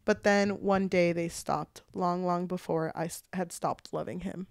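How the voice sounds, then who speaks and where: A woman's voice: on the low side, measured pace, gravelly, no room sound, studio quality. A woman co-hosting a casual book podcast, retelling a plot with lots of swearing and fillers. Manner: animated retelling with frequent swearing. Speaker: podcast co-host.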